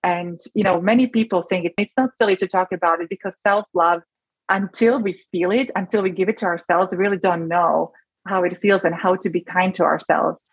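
A woman doctor speaks as a guest in an interview, warm with feeling and often stopping to restart her thought. Her voice sits a little low and sounds husky. The sound is close and dry. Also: fairly even intonation, a little fast, no room sound, highs cut off. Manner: earnest, emotional, many restarts. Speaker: rheumatologist guest. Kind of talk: conversational interview.

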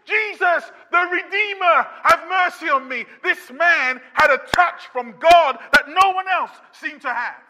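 A man preaching a sermon as pastor, impassioned and building to shouts with repeated refrains. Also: extremely high pitch. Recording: long reverb of a church hall.

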